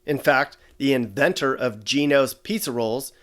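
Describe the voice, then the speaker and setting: Male host, deadpan sarcastic comedy narration, mid-pitched voice. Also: measured pace.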